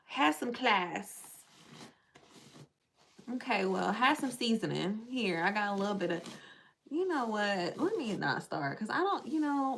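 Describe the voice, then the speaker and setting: A woman's voice: mid-range voice, fairly bright tone, a little hiss or hum. A woman vlogger, chatting casually and joking while she does her hair, slipping into playful mock voices.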